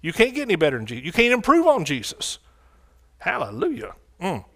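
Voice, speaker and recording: A fervent male preacher whose voice sits a little higher than most men's. He delivers his sermon with building energy and keeps calling out to the congregation for a response. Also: wildly swooping pitch, a little fast, gravelly, fairly bright tone.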